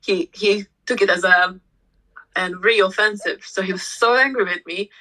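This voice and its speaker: A woman's voice: medium pitch, moderate pace, bright, forceful tone, poor audio. A woman yoga teacher explaining energy centres in a podcast chat, hesitant and full of restarts, livelier when she tells a story. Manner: hesitant, with frequent restarts and fillers. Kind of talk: conversational explanation.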